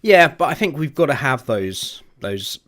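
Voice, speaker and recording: A man's voice: medium pitch, big pitch swings, measured pace, a bit bright. A man hosting a casual sports podcast who steers the chat and laughs easily. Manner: chatty, steering the talk, laughs often. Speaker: podcast host.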